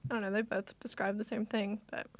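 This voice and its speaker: A woman's voice: mid-range voice, level tone, brisk, no room sound. A young woman, co-hosting a casual chat and talking with lots of fillers. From United States. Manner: chatty, lots of fillers and laughter. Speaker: co-host.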